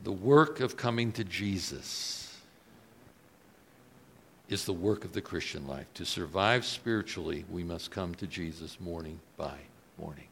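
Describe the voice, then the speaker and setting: A man preaching a sermon, moving between quiet reflective lines and loud, emphatic questions put to the congregation. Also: animated, unhurried, gravelly, husky. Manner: swings from soft low asides to loud emphatic rises; asks the audience questions.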